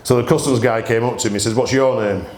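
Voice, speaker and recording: A man's voice: mid-range voice, steady tone, quick pace, darkish tone. A man, hosting a gin tasting and telling humorous stories in a chatty way, laughing often. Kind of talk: anecdotal storytelling presentation. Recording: roomy echo.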